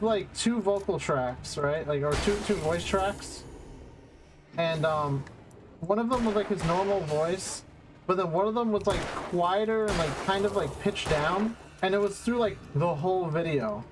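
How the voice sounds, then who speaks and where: A man's voice: high voice, noisy background. A male streamer giving casual gaming commentary, rambling and profane with lots of fillers.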